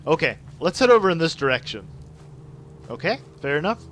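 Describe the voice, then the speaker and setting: A man's voice: fairly high pitch, brisk, slight background noise. Chatty Canadian man streaming a game. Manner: chatty, apologetic, excitable. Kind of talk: live gameplay commentary chatting with viewers.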